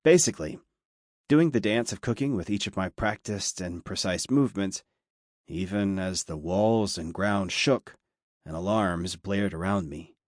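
Guy narrating an audiobook, lowish voice, dry close sound. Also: a little slow, dry recording. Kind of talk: scripted narration.

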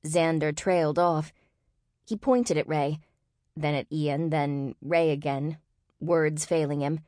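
A woman narrating an audiobook in a steady, expressive reading voice. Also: low-pitched, takes it slowly, dry recording, clean studio sound. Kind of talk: scripted narration.

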